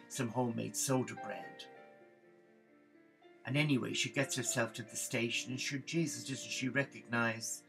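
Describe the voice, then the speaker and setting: A man telling a comic story in a lively narrating way, slipping into character voices. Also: mid-range voice, gravelly, poor audio. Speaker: religious storyteller.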